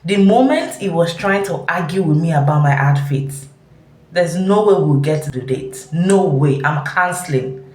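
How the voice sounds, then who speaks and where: A woman host giving a relaxed, laughing commentary on clips she has just watched. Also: low voice, normal speed, roomy sound, rough recording. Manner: laughing, relaxed reaction chat. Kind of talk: casual commentary.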